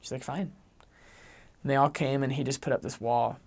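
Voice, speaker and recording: A young adult returned missionary with a gravelly, mid-range voice tells a story quickly. He's chatty and animated, and "like" fills his speech.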